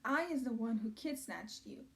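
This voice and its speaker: A woman's voice: a little high, animated, normal speed, gravelly. A woman reading aloud as a big, kind male giant who speaks with odd, broken grammar. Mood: upset. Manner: chatty mangled grammar, sympathetic.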